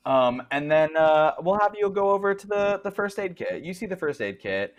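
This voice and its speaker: A man narrating as game master in a loose, halting way with many fillers. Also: high-pitched, animated, muffled recording.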